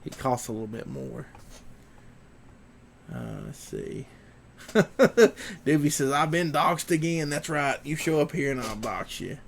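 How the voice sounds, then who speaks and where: A man's voice: a little high, lively intonation, takes it slowly, vocal fry, long pauses, slight background noise. A man, hosting a livestream podcast in a casual, rambling way, reading viewer comments aloud.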